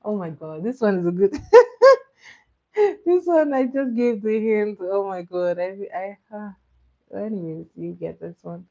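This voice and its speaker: A young woman hosting a casual cartoon trivia quiz, who laughs often and repeats her questions slowly. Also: medium pitch, lively intonation, mellow, lo-fi sound. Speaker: quiz host.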